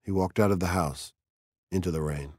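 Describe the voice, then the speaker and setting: His voice sitting low, a man narrates an audiobook at an even, measured storytelling pace. The audio is studio quality, free of room sound.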